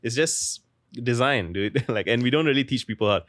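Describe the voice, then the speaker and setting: A young man appears as a guest author in an interview, speaking casually and rambling, packing in "like" and restarting thoughts midway. His mid-range, fairly bright voice has lively intonation and a moderate pace, recorded dry with studio quality.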